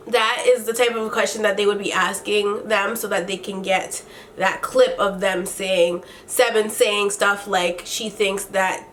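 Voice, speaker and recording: A woman's voice: fairly high pitch, a little hiss or hum. Exasperated woman ranting in a recap vlog. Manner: blunt and exasperated, swears freely; animated retelling with quoted dialogue. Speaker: reality TV recap vlogger. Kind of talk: casual commentary recap.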